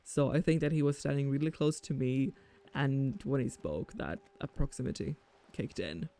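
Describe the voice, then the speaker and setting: Brief: unhurried gameplay streamer, mellow gravelly voice, thinks out loud. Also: female voice, extremely low pitch. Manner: slow, musing, swears casually. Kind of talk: casual gameplay commentary and reading aloud.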